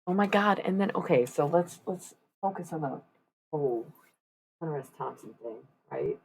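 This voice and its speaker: A woman with a low, husky voice and a gravelly fry talks to her live-stream viewers while she paints. She rambles and swears freely between asides. There is a faint hiss of noise behind her. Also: expressive, moderate pace, a little mellow. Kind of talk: casual live-stream chat.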